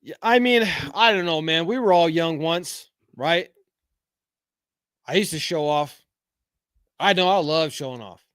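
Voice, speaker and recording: Heard in a dry, studio-quality recording, a middle-aged podcast host speaks a little slowly with long pauses. His voice is slightly high, fairly bright and smooth. On this casual live-chat show he reads viewer comments and shares frank, rambling, filler-heavy opinions.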